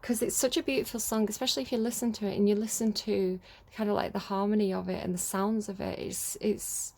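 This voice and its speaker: Gravelly-voiced woman reading tarot. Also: mid-range voice, fairly even intonation, fast talker, a little mellow. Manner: rambling, self-correcting, reads card text aloud. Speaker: tarot reader.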